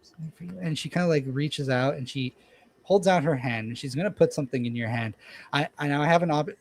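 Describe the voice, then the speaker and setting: A man's voice: on the high side, brisk. A man narrating as game master for a tabletop game, rambling with frequent ums and restarts.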